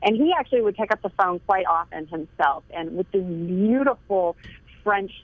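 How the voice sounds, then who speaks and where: A woman's voice: mid-range voice, expressive, normal speed, no echo. A woman author being interviewed, telling heartfelt stories earnestly and laughing lightly now and then. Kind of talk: phone interview. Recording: tinny dry phone line.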